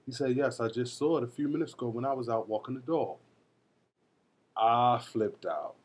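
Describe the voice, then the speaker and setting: A young man vlogging, telling a story to the camera in a casual, animated way, swearing often. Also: mid-range voice, fast talker, husky.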